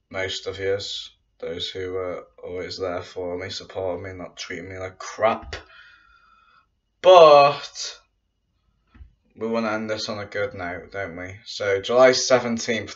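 A man's voice: lowish voice, a bit bright. A man talking casually to his viewers in a home vlog, rambling and circling back with repeated fillers. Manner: rambling, repeats "but yeah, guys". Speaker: YouTuber saying goodbye to viewers. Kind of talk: casual vlog address to camera. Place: room at home. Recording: dull lo-fi sound, mic at a distance.

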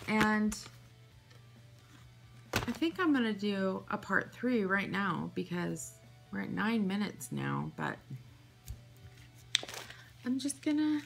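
A woman vlogger chatting casually to camera while unboxing, animated and full of exclamations and asides. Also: mid-range voice, vocal fry. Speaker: vlogger unboxing a nail art haul.

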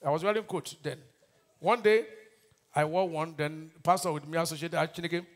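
A Nigerian pastor preaching a sermon, asking the congregation to finish his lines and swinging between shouted bursts and quiet asides. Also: a little high, steady tone, normal speed. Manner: call-and-response preaching, asks the crowd to finish his lines.

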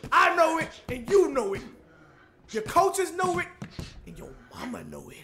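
Cocky, high-voiced trash-talking gamer. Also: male voice, huge pitch swings, moderate pace, pushed and bright. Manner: cocky taunting with grunted punch noises. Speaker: gamer streamer. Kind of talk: live trash-talking gameplay commentary.

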